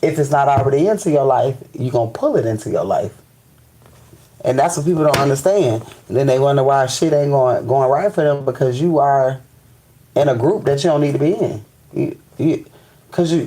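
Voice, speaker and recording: Mellow-voiced man ranting on a live stream. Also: mid-range voice, lively intonation, normal speed, rough recording. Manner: profane, emphatic, repeats "you know what I'm saying"; restarts and stammers when fired up. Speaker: spiritual live-stream host. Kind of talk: casual live-stream rant.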